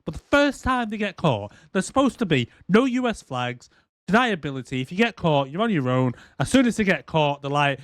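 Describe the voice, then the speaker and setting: A man co-hosting a casual movie review podcast, animated and swearing a lot as he acts out movie lines. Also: a little high, fairly quick, dry recording, studio quality. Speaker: podcast co-host.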